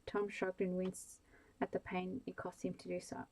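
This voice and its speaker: A woman narrating a bedtime story in a slow, calm, soft-spoken manner. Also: fairly low pitch, low-quality recording.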